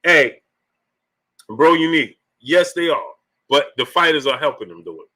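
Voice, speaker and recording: A man's voice: a little high, animated, normal speed, sharp tone. A man hosting a sports live stream, reading viewer messages aloud, laughing often until he is in tears. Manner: laughs often, emotional, slangy. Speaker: sports channel host. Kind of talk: live-stream chat, reading super chats.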